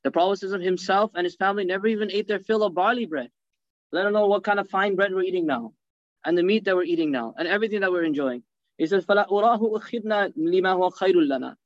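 A man with a slightly high voice teaches a religious class at a quick clip, firing rhetorical questions at his listeners and weaving Arabic phrases into his English. The recording is dull and lo-fi, with a dry sound. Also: no echo. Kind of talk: hadith class lecture.

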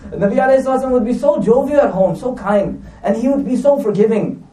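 A preacher with a very high, warm voice speaks quickly and animatedly in a conversational religious talk. He tells stories full of asides and fillers, recorded in an echoey room from a distant mic.

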